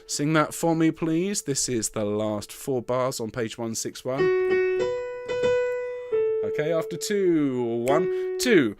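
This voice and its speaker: Leading an online choir rehearsal over piano, a male director speaks slowly and animatedly in a mid-range voice, pausing often. He's chatty and encouraging, counting singers in and singing phrases as demonstrations.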